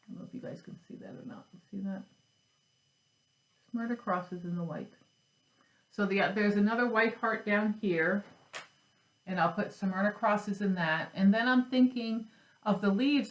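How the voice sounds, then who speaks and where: A woman's voice: medium pitch, moderate pace, pauses often, reverberant, low-quality recording. A woman chatting casually at home about her cross stitch and craft supplies, rambling and joking at herself. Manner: chatty, rambling, self-deprecating. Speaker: flosstube host.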